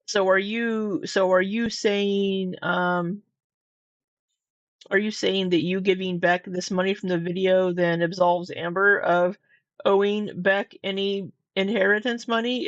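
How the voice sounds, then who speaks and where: A woman's voice: mid-range voice, no room sound. Woman commentator, skeptical, questioning tone, dry lo-fi sound. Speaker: commentary youtuber. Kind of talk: reaction commentary.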